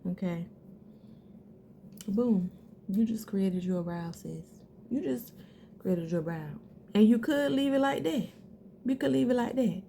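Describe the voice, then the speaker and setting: A woman with a mid-range voice and a steady gravelly fry runs a casual makeup tutorial, chatting straight to her viewers. A faint hum of room sound sits under her voice. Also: medium pitch, slow, long pauses. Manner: chatty, talks straight to viewers as girl and sis. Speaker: beauty vlogger.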